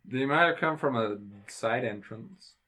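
A man on a podcast panel, calmly correcting plot details in casual chat. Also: mid-range voice, measured pace. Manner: calm, matter-of-fact corrections. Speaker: podcast co-host. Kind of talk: casual movie discussion.

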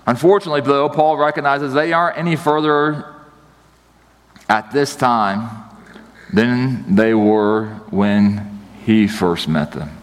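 A man's voice: mid-range voice, slow pace, long reverb tail. A man pastor in his thirties giving a sermon in a chatty, storytelling way, acting out the people in his stories. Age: 30s. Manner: conversational storytelling, animated.

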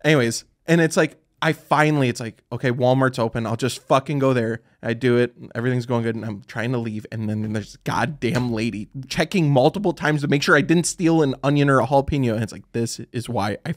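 A man's voice: medium pitch, fast, few pauses. A young man co-hosting a car podcast, ranting in a profane, self-mocking casual chat. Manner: ranting, profane, laughing at himself. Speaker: podcast co-host.

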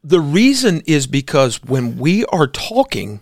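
A man's voice: fairly high pitch, big pitch swings, unhurried, no echo, studio quality. A man who is a pastor and co-host, giving opinionated casual commentary with emphatic rhetorical questions. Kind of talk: casual talk show commentary.

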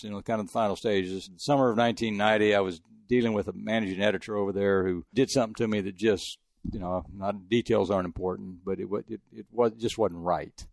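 Fast-talking gravelly older man. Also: lowish voice, darkish tone, dry recording, clean studio sound. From El Paso, Texas. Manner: rambling, chatty, frequent restarts. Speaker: veteran sportswriter guest. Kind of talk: casual storytelling interview.

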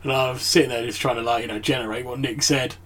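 A man hosting a podcast in casual chat, easygoing and quick to laugh. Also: mid-range voice, fairly even intonation, fairly bright tone. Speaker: podcast host.

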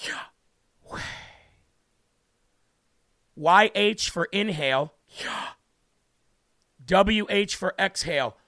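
A man with a high, bright voice preaches on a livestream, deeply moved and close to tears. He talks slowly and fervently and repeats words for emphasis. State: tearful, moved. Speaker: livestream host.

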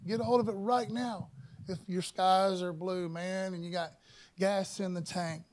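A man with a high voice preaches to his congregation in a loose, conversational way. He drops in "man" and "you know" often and rises in pitch and volume when he quotes scripture. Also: steady tone, unhurried. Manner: reads scripture louder and higher. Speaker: pastor. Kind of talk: sermon.

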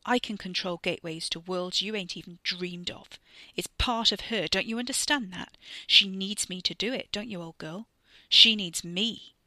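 A woman's voice: mid-range voice, moderate pace, few pauses, pushed and bright, no room sound, clean studio sound. A woman voicing a volatile, drugged young man who talks in broad, swaggering slang. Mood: boastful.

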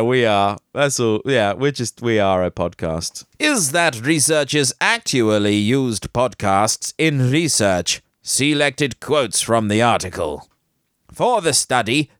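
A man's voice: mid-range voice, fairly bright tone, clean tone, no room sound, clean studio sound. A man hosting a podcast, reading news items and breaking off into jokey, rambling asides, laughing at himself. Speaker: podcast host.

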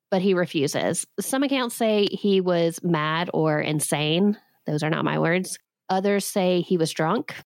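A woman's voice: fairly low pitch, no room sound, studio quality. A woman in her thirties hosting a podcast, retelling a legend with sarcastic comic asides and frequent laughs. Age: 30s. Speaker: podcast host.

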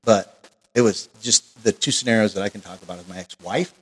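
A man's voice: fairly low pitch, a little fast, husky. Profane, rambling podcast storyteller man. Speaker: podcast co-host. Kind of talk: casual chat. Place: Oregon. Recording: long reverb.

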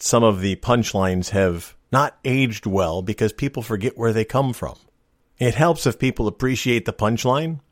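A middle-aged man spins a rambling tale with a wry, deadpan humor, his pitch rising and falling in lively swings. The sound is close and dry, with no room around it. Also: no room sound. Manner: wry, deadpan joking delivery. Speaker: storyteller host. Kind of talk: casual spoken storytelling.

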